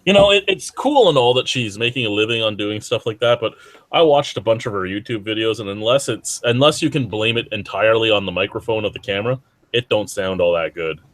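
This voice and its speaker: A man's voice: fairly low pitch, animated, fairly quick, fairly bright tone, no room sound. Offhand man, dry close sound. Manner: profane, offhand, drawling delivery. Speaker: podcast host reading beer news. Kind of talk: casual chat.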